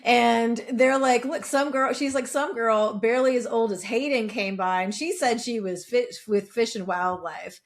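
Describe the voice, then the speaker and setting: A woman's voice: fairly high pitch, moderate pace, few pauses. A middle-aged woman co-hosting a podcast, chatting casually and reading a history segment, with jokey asides and casual swearing. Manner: swears casually, jokes about herself. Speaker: podcast co-host. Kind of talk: casual chat and read lore segment.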